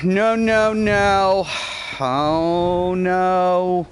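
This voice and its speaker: A man's voice: sits high, steady tone, drawn-out words, a little hiss or hum. A man hosting a gaming channel, giving live gameplay commentary and swearing constantly at his teammates. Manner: shouting in rage.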